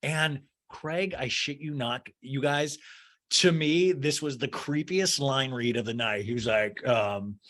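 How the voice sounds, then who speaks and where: A man's voice: medium pitch, measured pace, fairly bright tone. A man hosting a casual solo podcast, gossiping and laughing as he recaps, swearing freely and sarcastically mimicking the people he talks about. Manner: sarcastic, mimicking cast members in exaggerated voices. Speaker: podcast host.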